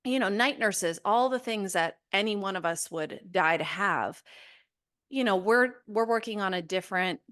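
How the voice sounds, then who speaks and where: A woman's voice: medium pitch, animated, normal speed, a bit bright. A woman in her late thirties co-hosting a podcast, slightly out of breath and talking in a candid, enthusiastic way. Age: 30s. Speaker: podcast co-host. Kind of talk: casual chat.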